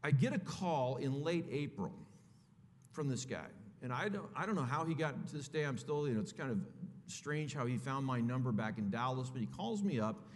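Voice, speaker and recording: A man's voice: medium pitch, animated, normal speed. Man preaching in an echoey hall. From California. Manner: conversational, addresses listeners as folks. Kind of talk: sermon storytelling.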